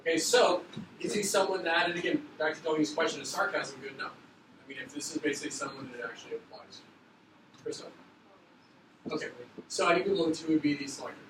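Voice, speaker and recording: A man teaching a middle school class, explaining an activity in a loose, quick, joking way. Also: a little high. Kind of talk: classroom instruction. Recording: echoey classroom, far from mic, background noise.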